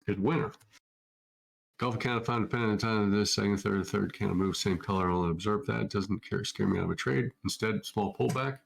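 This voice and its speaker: A man's voice: on the low side, fairly quick, vocal fry, low-quality recording. A middle-aged man from Minnesota hosting a casual live Q&A, answering viewer questions off the cuff in a loose, chatty way. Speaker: trading educator hosting a Q&A.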